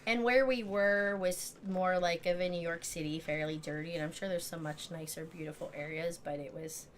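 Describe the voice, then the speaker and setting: A middle-aged American woman co-hosting a live stream, chatting in a lively way and laughing often. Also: lowish voice, normal speed, slight background noise. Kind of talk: casual chat.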